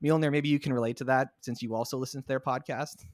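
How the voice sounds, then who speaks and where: A man's voice: medium pitch, steady tone, quick pace, no room sound. Chatty male podcast host, dry sound. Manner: chatty, self-deprecating, eager to recommend shows. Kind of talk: casual podcast chat. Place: home, recorded remotely.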